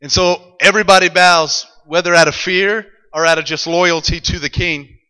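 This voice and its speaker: A man preaches with animated, dramatic storytelling in a high, smooth, resonant voice. His sermon rings with the long reverb of a large hall. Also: normal speed. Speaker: pastor.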